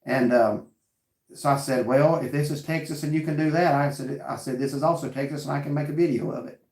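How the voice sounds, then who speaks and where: A man's voice: fairly high pitch, fairly even intonation, brisk, a little mellow, echoey room. A man hosting a casual chat and telling a story earnestly with quoted back-and-forth dialogue. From North Carolina. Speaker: vlog host reading live chat.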